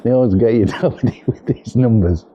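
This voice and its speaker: This casual walking vlog features a middle-aged man whose warm, husky voice sits at medium pitch and moves at a moderate pace. Filming as he crosses windy steps and narrow yards, he rambles in a chatty, jokey way, saying um often, into a windshield-covered camera mic.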